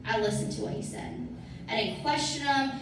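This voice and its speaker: A woman's voice: sits high, normal speed. A woman giving an emphatic motivational talk to her sales team, repeating her points for effect. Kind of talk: motivational talk to a live audience. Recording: echoey room from far off, faint noise.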